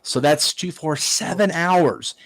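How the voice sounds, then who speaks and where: A man's voice: fairly high pitch, slow, fairly bright tone, dry recording, low-quality recording. A man hosting a wrestling watch-along, ranting casually with profanity and stammered restarts. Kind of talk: casual online chat.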